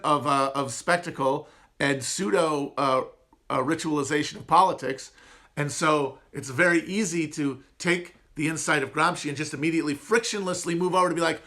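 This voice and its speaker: A man's voice: on the high side, steady tone, moderate pace, sharp tone. A man with a nasal upper Midwest American accent, hosting a casual livestream chat and rambling through audience questions in a self-mocking way. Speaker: podcast host answering chat.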